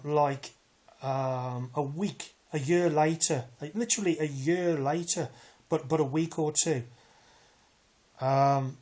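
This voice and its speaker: Talking casually to camera, a vlogger recounts a personal grievance in a mid-range, slightly mellow voice. His story wanders, full of asides and false starts.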